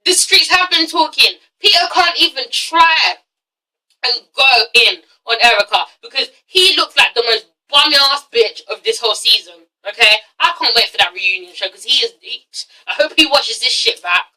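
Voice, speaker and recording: Young woman ranting about a reality show, swears constantly, super bright cutting voice. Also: a little high, expressive, normal speed, distant mic, poor audio. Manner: blunt, profane ranting. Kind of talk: casual vlog review.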